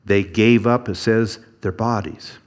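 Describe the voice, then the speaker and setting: Male pastor, sermon, slow deliberate pace, lowish voice, halting restarts. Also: steady tone. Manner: acts out quoted voices with rising pitch.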